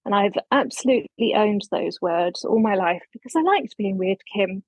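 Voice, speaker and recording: A woman's voice: medium pitch, normal speed, slightly rough, no room sound, rough recording. A woman in her fifties from England introducing herself on a podcast in a bubbly, self-deprecating way. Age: 50s. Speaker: community member.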